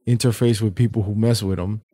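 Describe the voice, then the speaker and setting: A man's voice: on the low side, fairly quick. A man co-hosting a podcast, talking in loose, joking banter and swearing freely. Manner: animated, laughing, swears freely. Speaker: podcast co-host. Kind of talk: casual banter.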